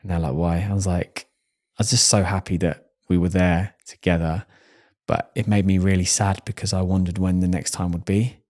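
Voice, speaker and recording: A man's voice: deep voice, level tone, moderate pace, darkish tone. A man from England, hosting a podcast and speaking candidly in a casual conversation, laughing easily. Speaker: podcast host.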